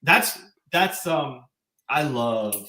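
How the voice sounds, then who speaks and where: A man co-hosting a podcast in casual chat, enthusiastic and quick to laugh, often halting and restarting his sentences. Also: mid-range voice, expressive, bright, forceful tone, echoey room. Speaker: podcast co-host.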